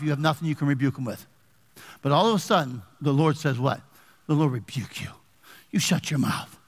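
A man preaching in a high, lively voice that swoops up and down. He keeps firing questions at the congregation and reads scripture aloud. His voice rings out in a church with a long echo. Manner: animated preaching with call-and-response questions to the congregation. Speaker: pastor. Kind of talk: sermon. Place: church sanctuary.

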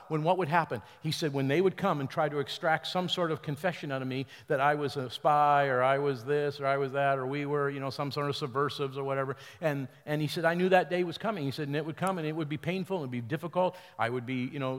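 A man's voice: a little high, in a large hall. A man preaching as pastor, retelling a story with quoted voices and leading the congregation in declarations. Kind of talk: sermon. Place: large church hall.

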